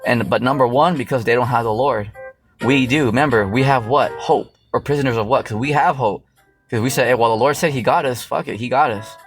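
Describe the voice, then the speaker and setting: A man preaches from scripture in a loose, street-level way, peppering every thought with "you know" and swearing freely. His voice sits at an ordinary pitch. Faint music plays underneath. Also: a little fast. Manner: loose and profane, full of fillers and "you know". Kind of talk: casual Bible teaching.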